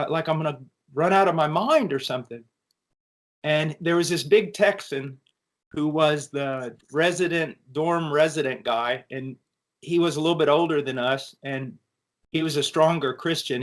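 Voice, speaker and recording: A middle-aged American man giving an earnest, animated personal testimony in conversation, with frequent restarts. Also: on the high side. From United States. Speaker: interview guest.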